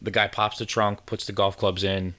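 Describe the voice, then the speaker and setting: A man's voice: on the low side, flat delivery, moderate pace, fairly bright tone. A man co-hosting a podcast, telling a rambling anecdote in casual chat, with restarts and acted-out quotes. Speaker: podcast co-host. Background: drinking from a can while talking.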